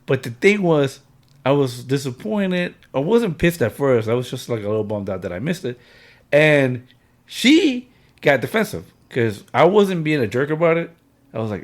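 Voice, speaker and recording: A man's voice: medium pitch, very animated, normal speed. A man in his thirties or forties, chatting casually with friends, telling an emotional story full of fillers and slang. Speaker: podcast host. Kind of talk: casual chat among friends.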